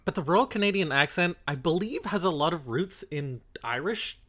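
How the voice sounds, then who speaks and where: A woman chatting casually as a stream co-commentator, animated and jokey, swearing freely. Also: on the low side, moderate pace. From grew up in a Spanish-speaking household. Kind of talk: casual chat. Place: lives in Toronto.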